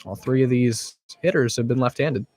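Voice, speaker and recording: A man calling a baseball game play-by-play, steadily going over the count, outs and score between pitches. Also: moderate pace. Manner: steady, explains counts and situations, apologetic aside. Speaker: play-by-play announcer.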